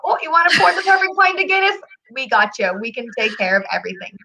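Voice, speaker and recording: A woman's voice: sits high, big pitch swings, quick pace, creaky, bright, forceful tone, a little hiss or hum, rough recording. An Irish woman chatting casually as a guest, bubbly and talkative, often laughing. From Ireland. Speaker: guest travel representative. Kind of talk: casual live chat.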